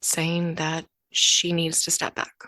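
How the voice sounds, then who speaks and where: Candid woman podcaster, low and dry. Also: monotone, slow, pushed and bright, dry recording. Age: young adult. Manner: candid and conversational, acting out quoted exchanges. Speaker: podcast host. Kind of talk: personal storytelling monologue.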